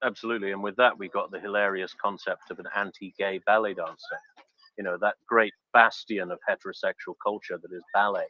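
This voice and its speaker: A man's voice: low voice, steady tone, fairly quick, sharp tone, no room sound, muffled recording. A man moderating a casual online panel, wry as he hands out turns.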